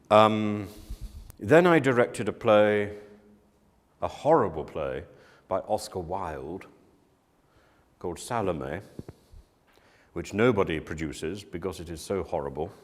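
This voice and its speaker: A man gives a talk on directing and teaching to students, his slightly low voice moving in lively swoops at a slow, deliberate pace. He mimics people's words with abrupt emphasis, and the audio has the long reverb of a large hall.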